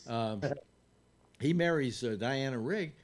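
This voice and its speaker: An older man hosting a casual panel chat, telling stories in a rambling way with halting restarts and laughs. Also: mid-range voice. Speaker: radio talk show host.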